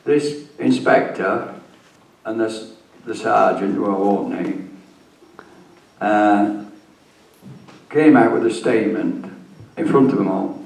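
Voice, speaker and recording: A man's voice: on the low side, takes it slowly, vocal fry, pauses often, a little mellow. An older man, a retired police officer telling his story at a conference, blunt and swearing freely. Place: conference hall. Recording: echoey room, mic far off.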